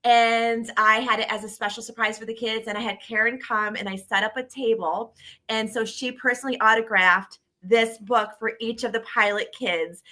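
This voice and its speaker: A woman's voice: on the high side, normal speed. A middle-aged woman, a shelter director, telling stories with enthusiasm in a casual interview. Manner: enthusiastic, animated storytelling.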